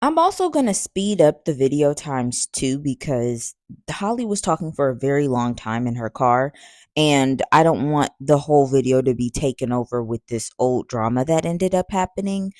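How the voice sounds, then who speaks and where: A woman's voice: very deep voice, expressive, moderate pace, warm tone, dry recording, clean studio sound. A woman hosting a podcast, recapping a story and talking straight to her listeners in a chatty way. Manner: chatty, addresses listeners directly. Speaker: podcast host. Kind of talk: commentary recap.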